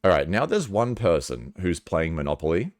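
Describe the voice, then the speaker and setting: A man with a very low voice talks candidly to camera, casual and earnest, swearing now and then. His pitch swings widely as he explains. The sound is dry, with no room echo. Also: very animated, moderate pace. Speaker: vlogger. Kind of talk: candid personal talk to camera.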